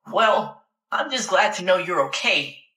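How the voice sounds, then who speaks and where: A woman's voice: on the low side, animated, a little slow, bright, forceful tone, echoey room, far from the mic. Woman reading a worried, apologetic male neighbor. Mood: relieved.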